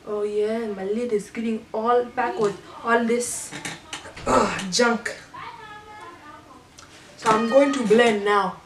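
A middle-aged woman talks through a makeup challenge in a halting, rambling, playful way. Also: a little high, fairly even intonation. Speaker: mother doing a makeup challenge. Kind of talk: casual makeup tutorial. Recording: roomy echo, a little distant from the mic, faint background noise.

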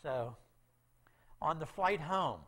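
A man's voice: a little high, animated, takes it slowly, sharp tone. A middle-aged man telling an emotional missionary testimony in a church talk, often checking in with "okay?". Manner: emotional storytelling with frequent "okay?" asides. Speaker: missionary speaker.

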